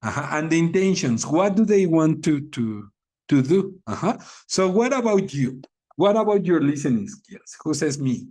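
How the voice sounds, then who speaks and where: A man's voice: a little high, big pitch swings, moderate pace, darkish tone. A man leading an English class discussion, speaking English as a with many fillers and restarts. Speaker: English teacher.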